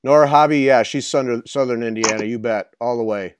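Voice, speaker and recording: A man's voice: medium pitch, a little fast, noisy background. A man co-hosting the show, easygoing and joking, who asks questions and reads announcements. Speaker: show co-host. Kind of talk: casual chat and announcements.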